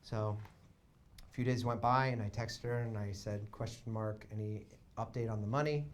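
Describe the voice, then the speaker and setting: A man's voice: fairly low pitch, fairly even intonation, normal speed, slight background noise. Male comic storyteller, conversational and wry, dry asides, performing live on a small theater stage. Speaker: stand-up storyteller.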